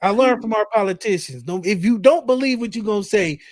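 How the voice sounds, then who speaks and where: A man's voice: high voice, lively intonation, a little fast, no echo. A man hosting a podcast in casual chat, joking bluntly and swearing. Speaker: podcast host. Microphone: streaming setup, close mic.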